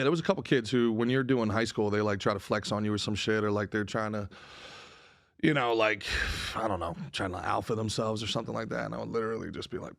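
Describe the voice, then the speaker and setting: A man's voice: fairly low pitch, gravelly, dry recording, clean studio sound. A man in his twenties co-hosting a podcast, rambling casually with crude jokes and lots of filler words. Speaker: podcast co-host.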